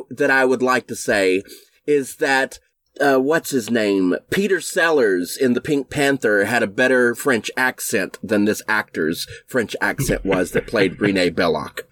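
A man's voice: mid-range voice, lively intonation, unhurried, fairly bright tone, dry recording. A man co-hosting a casual film podcast, blunt and opinionated, swearing and ranting for laughs. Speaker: podcast co-host.

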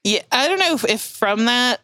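A woman's voice: fairly high pitch, lively intonation, normal speed, sharp tone, no room sound. A woman from Texas co-hosting a podcast, laid-back and crude, laughing often. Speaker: podcast co-host. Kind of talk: crude comedic chat.

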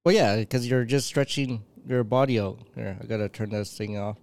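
A man's voice: lowish voice, normal speed, darkish tone. Teasing young man, casual chat. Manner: playful, teasing, laughs often.

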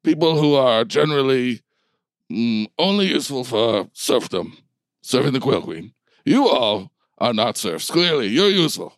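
A man's voice: mid-range voice, big pitch swings, moderate pace, no echo, studio quality. A man voicing a smug giant bulldog boss. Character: giant cigar-smoking male bulldog leader, smug.

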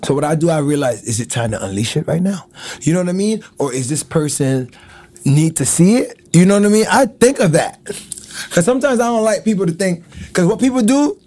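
A middle-aged man in casual chat, animated and laughing often, acting out loud quotes. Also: sits high, brisk.

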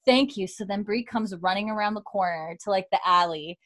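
A woman's voice: mid-range voice, fairly even intonation, fairly quick, a bit bright. A woman on a casual podcast, recapping a TV episode scene by scene, quoting the characters and laughing often. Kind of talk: animated casual storytelling with quoted dialogue.

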